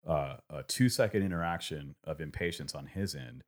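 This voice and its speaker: Man, 30s, extremely low voice, reflective storyteller with lots of ums. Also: moderate pace. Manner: reflective, rambling storytelling with many fillers. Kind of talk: casual conversation.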